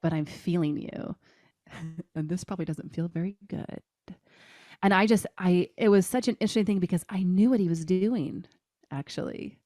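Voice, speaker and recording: Lively woman telling a personal story. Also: fairly low pitch, moderate pace, no room sound, clean studio sound. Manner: animated, laughing storyteller. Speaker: podcast guest. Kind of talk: casual storytelling.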